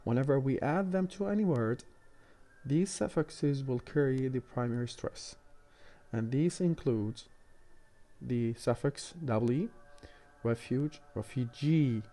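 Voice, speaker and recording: A man lecturing university students on English word stress, speaking in a measured, explanatory way with frequent hesitations. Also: medium pitch, dark tone. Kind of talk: recorded online lecture.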